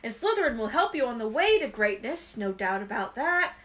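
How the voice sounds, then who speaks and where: A woman voicing a wise old talking magic hat that ponders slowly and draws out its words. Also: a little high, very animated, a bit bright. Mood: coaxing. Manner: slow, drawn-out pondering.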